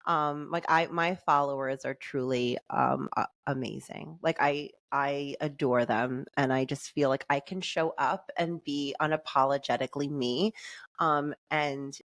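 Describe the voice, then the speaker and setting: A woman chatting as a podcast guest, talking in a loose, eager way full of "like" and quick restarts, laughing easily. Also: extremely low pitch, fairly even intonation, fairly bright tone. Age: adult with a son and fiance. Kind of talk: casual conversational interview.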